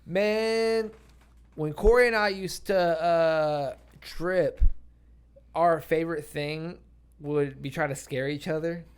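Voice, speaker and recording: A man's voice: fairly high pitch, takes it slowly, clean tone. A young man co-hosting a podcast, telling a story in casual chat with lots of laughter and swearing. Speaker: podcast co-host.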